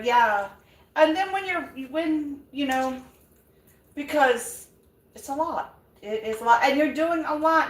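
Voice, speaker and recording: A woman's voice: sits high, fairly bright tone, distant mic, slight background noise. An older woman hosting a live vlog, chatting and encouraging viewers as she cooks in her home kitchen. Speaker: vlog host. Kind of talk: live chat while cooking. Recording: echoey room, away from mic.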